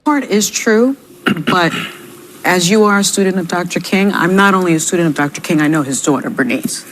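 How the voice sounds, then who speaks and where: A woman argues a point in a televised debate, measured and pointed, and quotes her sources. Her voice sits on the low side. A faint background noise runs under the broadcast. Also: rough recording. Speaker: TV panel guest.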